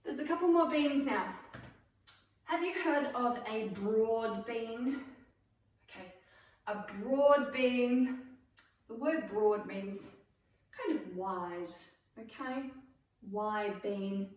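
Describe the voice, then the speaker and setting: Woman drama teacher, playful and unhurried, pitched a bit high, mic far off in a roomy echo. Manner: playful, calls out cues with bursts of excitement. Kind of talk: online drama class for children. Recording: echoey room, mic far off.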